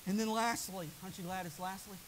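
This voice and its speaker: A man preaching a revival sermon, his voice often taken for a woman's, swinging from soaring high shouts to hushed low asides. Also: steady tone, fast talker, a little hiss or hum, low-quality recording.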